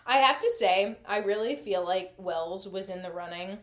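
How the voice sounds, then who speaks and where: A woman's voice: mid-range voice, moderate pace. A young adult woman co-hosting a podcast, telling stories in casual chat with lots of laughter and swearing. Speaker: podcast co-host.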